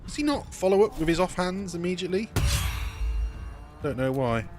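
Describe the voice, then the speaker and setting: A man's voice: high voice, expressive, moderate pace, music in the background. A man casually commentating his gameplay as a let's play streamer, thinking aloud and correcting himself as he goes.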